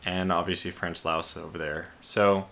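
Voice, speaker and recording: A man with a lowish but bright, forceful voice talks through a strategy game at his desk. He thinks aloud, restarts his sentences and sounds a little sleepy, stifling yawns. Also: little pitch movement, normal speed, creaky. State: sleepy, yawning. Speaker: let's play host. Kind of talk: casual game commentary.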